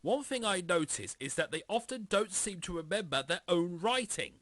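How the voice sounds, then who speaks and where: A man calmly explains and defends a game's jokes in review commentary, with a bright, edgy tone. His pitch moves freely, and the sound is dry and close. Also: moderate pace, no room sound. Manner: calm, explaining, defending the game. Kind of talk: comedic video review commentary.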